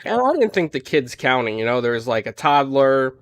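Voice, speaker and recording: A man on a gaming podcast, casually retelling a story in an animated way, full of "like" and "you know". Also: mid-range voice, brisk, no echo. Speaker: podcast panelist.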